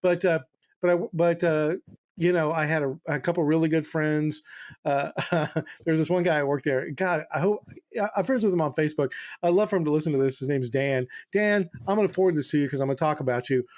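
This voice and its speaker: Middle-aged male podcast co-host, slightly higher voice, loose and profane storyteller. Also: fairly quick, darkish tone. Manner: profane, rambling, laughs through his stories. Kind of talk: casual storytelling chat.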